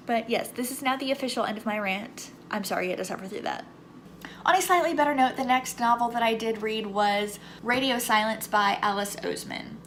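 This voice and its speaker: A woman's voice: a little high, a bit bright. A young woman with a faint Southern US accent, talking candidly through a casual book review vlog and turning heated when she rants. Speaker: book vlogger. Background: faint lawnmower noise.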